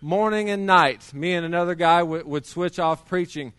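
A man's voice: a little high, moderate pace, a bit bright, clean tone, dry recording. A middle-aged man preaching a sermon, telling his testimony in a conversational way with many restarts.

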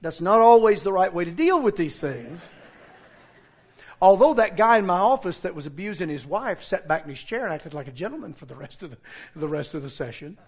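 A middle-aged man preaching a sermon in a high voice. He reads scripture in a steady tone, then gets heated and close to shouting as he recounts his own run-ins. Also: fairly quick. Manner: animated, rising to near-shouting in retold confrontations. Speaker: pastor.

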